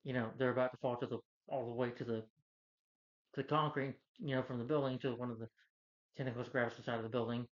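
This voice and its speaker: A man's voice: medium pitch, fairly even intonation, fast, lo-fi sound. A man giving a casual film review, retelling the plot in a rambling way with lots of fillers.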